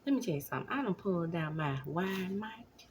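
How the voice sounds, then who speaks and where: A woman in her thirties giving casual commentary at home, animated, now and then dropping into whispers. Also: on the low side, brisk, a little hiss or hum. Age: 30s. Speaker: vlogger. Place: home, at night.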